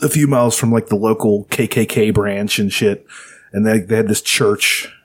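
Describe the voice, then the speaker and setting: Husky-voiced man telling a rambling story. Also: lowish voice, steady tone, moderate pace. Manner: rambling, profane, filler-heavy. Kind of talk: casual storytelling chat.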